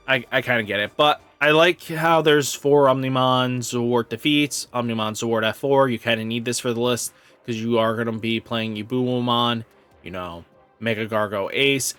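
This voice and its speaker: A man's voice: medium pitch, fairly bright tone. A man hosting his channel, talking casually through card game deck lists in a rambling, enthusiastic way, full of "you know" and "kinda". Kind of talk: casual deck-list commentary.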